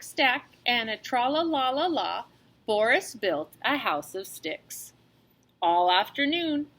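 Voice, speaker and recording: A woman reading a children's storybook aloud in an expressive, animated way, as a teacher. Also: medium pitch.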